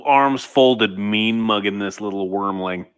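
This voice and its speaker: A man's voice: fairly low pitch, a little slow, a bit bright, clear, resonant tone. A man playing a dwarf warlock in a tabletop game, teasing and playful. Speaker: player. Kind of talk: tabletop role-play.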